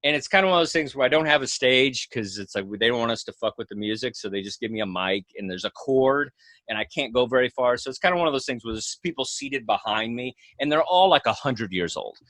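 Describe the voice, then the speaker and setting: A man with a bright, forceful voice, recorded dry and close. He is a comedian guest on a podcast, telling a story in a rambling, animated way and swearing freely. His pitch sits mid-range. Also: fast, dry recording.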